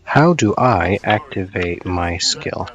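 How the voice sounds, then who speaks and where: Man, co-op gaming buddy, slow relaxed talk, lowish voice. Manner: easygoing, hesitant, with fillers. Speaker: co-op gaming friend. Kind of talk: casual gameplay chat.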